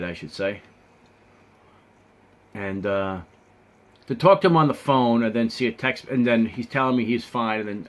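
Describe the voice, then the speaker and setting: A man telling a personal story in a casual vlog, earnest and rambling. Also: fairly low pitch. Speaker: vlogger.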